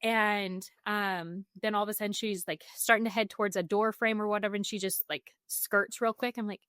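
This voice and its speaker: Woman, 30s, podcast guest, chatty storytelling, mid-pitched voice, dry close mic. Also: a little fast, hardly any pauses, smooth, no echo. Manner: animated, chatty, quotes herself often. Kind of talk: conversational storytelling.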